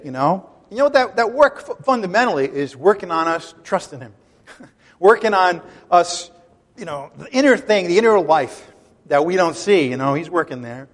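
Man, high voice, animated pastor delivering a sermon with emphatic bursts, recorded in a reverberant hall. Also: moderate pace. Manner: animated, emphatic preaching with conversational asides.

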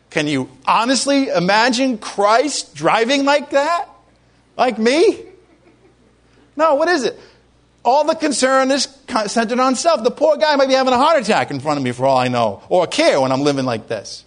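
A pastor preaching a sermon in a conversational way, asking his congregation questions and rising to loud exclamations. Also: sits high, very animated, normal speed.

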